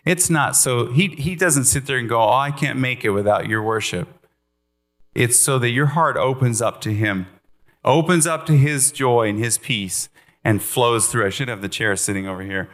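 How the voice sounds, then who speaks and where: A man preaches a sermon in an earnest, animated way and breaks into playful asides. His voice sits in the middle range. A faint electrical hum runs under it. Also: mid-range voice, moderate pace.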